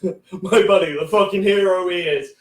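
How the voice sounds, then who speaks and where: Sweary comic in an echoey room. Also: male voice, sits high, moderate pace. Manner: rambling, sweary, lots of fillers. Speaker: stand-up comedian. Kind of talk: stand-up comedy livestream. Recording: echoey room, far from the mic.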